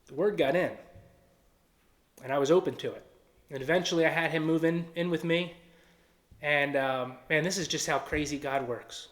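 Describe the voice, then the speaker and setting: A man with a Philadelphia-area accent giving an earnest personal testimony and acting out quoted dialogue. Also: fairly high pitch. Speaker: testimony speaker.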